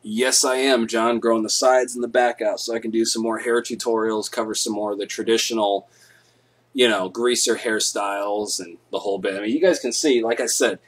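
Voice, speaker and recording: Laid-back, profane husky-voiced man. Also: fairly low pitch, steady tone, a little fast. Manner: laid-back, profane, loud when acting out stories. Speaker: live-stream host. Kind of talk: casual live-stream storytelling.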